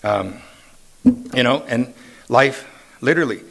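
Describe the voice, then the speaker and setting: A man's voice: medium pitch, lively intonation, slow, vocal fry. Older man telling his recovery story. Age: 60s. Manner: conversational storytelling with self-deprecating humor; tag questions to the audience. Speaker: AA meeting speaker. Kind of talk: personal recovery testimony. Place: meeting hall.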